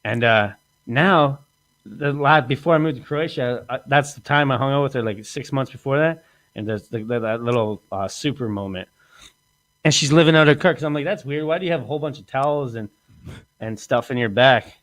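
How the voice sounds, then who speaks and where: A man's mid-range voice comes across brisk and fairly bright. On his podcast he spins rambling, crude stories, often laughing and voicing the lines people spoke.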